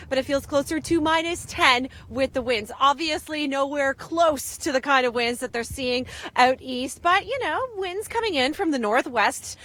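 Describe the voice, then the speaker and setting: Bright high-voiced woman reporting outdoors. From Ontario, Canada. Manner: chatty, upbeat, lots of fillers. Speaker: field weather presenter. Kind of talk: live outdoor weather report. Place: outdoors in cold wind.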